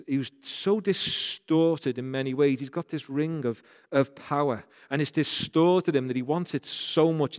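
Male pastor, northern english accent, earnest sermon, repeats key phrases, long church-hall reverb. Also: fairly high pitch.

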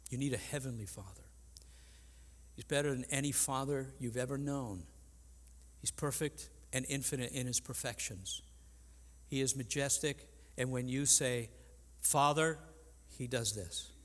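An older man preaching a sermon as pastor, earnest and halting, with frequent restarts. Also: mid-range voice. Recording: long reverb in a large hall.

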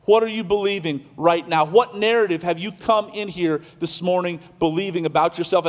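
A man preaching from the pulpit in a high, light voice, one moment loud and declaring, the next hushed and soft. He talks to the congregation conversationally, with restarts and asides, and his words ring out through a long reverb in the church hall. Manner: preaches with big swings from loud declarations to quiet hushed passages. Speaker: pastor. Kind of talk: sermon. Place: church sanctuary.

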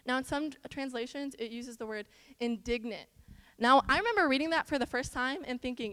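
A young woman from Iowa tells stories to a church audience in a high, smooth voice. She is animated and chatty, and talks straight to her listeners with asides. Long reverb from a church hall carries every word. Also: brisk. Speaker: church speaker. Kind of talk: chatty sermon with storytelling.

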